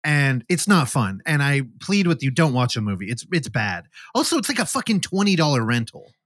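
A man's voice: mid-range voice, brisk, no room sound, studio quality. A man co-hosting a movie podcast, recapping a film with casual swearing and acting out scenes in mock voices. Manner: profane, animated, acts out scenes in silly voices. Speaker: podcast co-host. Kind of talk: casual movie review chat.

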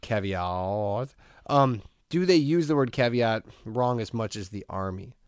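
A man hosting a podcast in casual chat, telling stories in a rambling, animated way and laughing often. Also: medium pitch, moderate pace, no room sound, clean studio sound. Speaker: podcast host.

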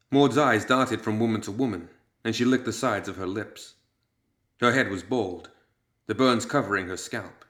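Low-voiced man narrating a story. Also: fairly bright tone, roomy sound. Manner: measured storytelling. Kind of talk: audiobook narration.

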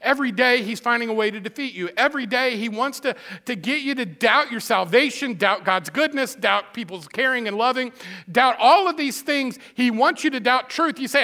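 Male pastor, high bright voice, emphatic sermon with repeated lines and folksy asides. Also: lively intonation, normal speed. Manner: emphatic, repeats phrases for stress; conversational asides to the congregation.

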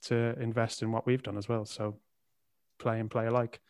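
A man's voice: mid-range voice, flat delivery, normal speed, a little mellow. An earnest man guest speaking in casual chat, with a mid-range voice. His voice sounds dry, with no room echo. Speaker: guest, live-action game performer.

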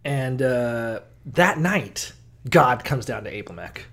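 A man's voice: mid-range voice, animated, slow, fairly bright tone. A man co-hosting a casual, irreverent discussion, joking and swearing freely. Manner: profane, joking, breaks into laughter.

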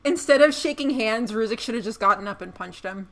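A woman co-hosting a casual podcast chat, recapping a TV episode with animated storytelling. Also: fairly high pitch, brisk. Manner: animated storytelling, laughs while acting out scenes. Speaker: podcast co-host.

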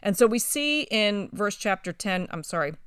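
A woman co-hosting a Bible study discussion, talking with enthusiasm and growing animated as she retells scripture. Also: mid-range voice, normal speed, smooth, dry recording, studio quality.

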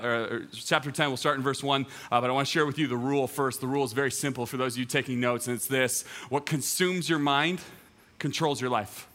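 A man's voice: mid-range voice, pushed and bright. A man, a teaching pastor, preaching a sermon in an earnest way and repeating his key phrases for emphasis. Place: church auditorium, also streamed online.

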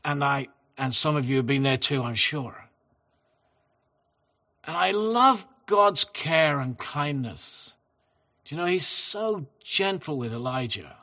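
A man giving a sermon in a gentle, conversational manner, reading scripture aloud. His voice sits a touch high and sounds bright and clear. He turns to his congregation often to speak to them directly. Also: animated, measured pace. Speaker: preacher.

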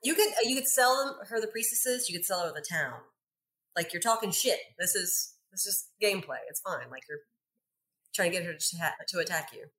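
A woman's voice: lowish voice, expressive, a little fast, fairly bright tone. A woman playing a tabletop game, chatty and swearing, full of "like". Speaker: player. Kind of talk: casual tabletop play.

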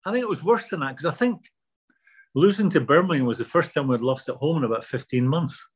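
An older man being interviewed, telling anecdotes in a relaxed, self-deprecating way. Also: a little high, fast, husky. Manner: anecdotal, self-deprecating, repeats words when starting. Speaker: guest.

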